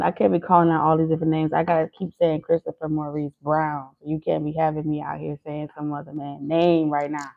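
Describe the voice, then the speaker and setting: Playful gravelly woman on a tinny line. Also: deep voice, flat delivery, moderate pace. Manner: playful, teasing, laughs easily. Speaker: tarot reader live-streaming to viewers. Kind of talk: casual live-stream chat. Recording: phone-like lo-fi audio.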